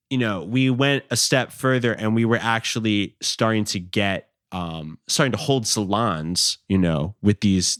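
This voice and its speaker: A man's voice: fairly low pitch, no room sound, clean studio sound. A young man hosting a podcast, chatting casually and rambling with lots of fillers and the odd swear word. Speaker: podcast host.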